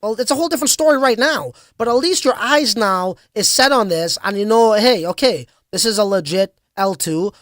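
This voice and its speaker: A man's voice: high voice, animated, brisk, few pauses, fairly bright tone, no room sound. A man hosting a casual crypto livestream, talking loosely and reading out viewer comments. His delivery is slangy and hyped, full of fillers and restarts. The sound is dry and close, with no room around it. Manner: casual, slangy, hype-driven with frequent fillers.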